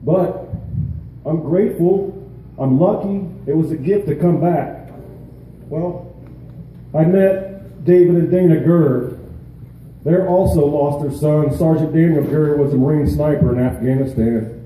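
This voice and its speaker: A veteran speaking at an outdoor charity gathering, his voice deep and mellow in tone but pitched a little high. He talks haltingly, with pauses and fillers. The sound is echoey and distant, with a faint hiss behind. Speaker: veteran and peer mentor. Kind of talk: emotional speech at a charity event. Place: outdoor event in a canyon.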